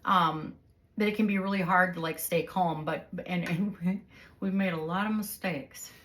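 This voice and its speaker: A woman's voice: fairly low pitch, steady tone, measured pace, fairly bright tone, a little hiss or hum. A woman in her forties hosting a conversation with her husband, explaining things casually with vivid everyday examples. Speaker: host interviewing her husband.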